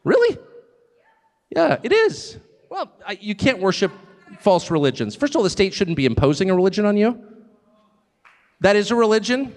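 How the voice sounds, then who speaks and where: A middle-aged man giving a live public speech as a guest speaker, animated and sardonic, with mocking asides and short chuckles. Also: high-pitched, brisk, long pauses. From United States. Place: large hall with a live audience. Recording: long hall reverb with crowd.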